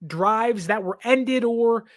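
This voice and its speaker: A man's voice: very high voice, slow pace. Emphatic young man reacting to a game. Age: 20s. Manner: emphatic, impassioned, laughs between points. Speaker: sports show host. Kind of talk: sports reaction commentary.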